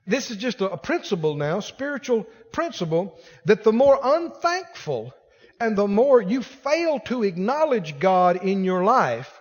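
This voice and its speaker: A man preaching a sermon to a congregation in a church auditorium. His voice sits very high and his pitch rises and falls with lively force as he hammers points home through repetition. The sound carries a long, ringing hall reverb. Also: a little slow. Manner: emphatic, repetitive preaching exhortation; addresses the congregation directly. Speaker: pastor.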